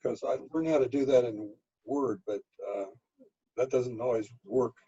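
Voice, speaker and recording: Husky-voiced man on a dull call line. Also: medium pitch, normal speed, warm tone. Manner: brief friendly remarks and questions. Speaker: workshop participant. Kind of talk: casual chat.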